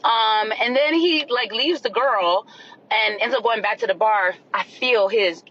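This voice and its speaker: Woman, dramatic casual storyteller, bright forceful voice, slightly dull recording. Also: a little high, measured pace. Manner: animated, dramatic, shrieks in retelling.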